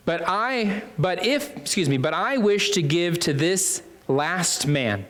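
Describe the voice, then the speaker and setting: Male preacher, conversational sermon, slightly high voice, lots of fillers and repeated phrases for emphasis. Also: expressive, slow pace, hardly any pauses, fairly bright tone. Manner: conversational, with many fillers and restarts.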